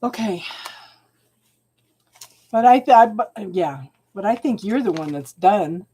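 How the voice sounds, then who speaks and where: In an unhurried, slightly rough, medium-pitched voice with lively intonation, a tarot reader chats with her live audience. She's warm-hearted, calls them hon, and the readings move her to tears.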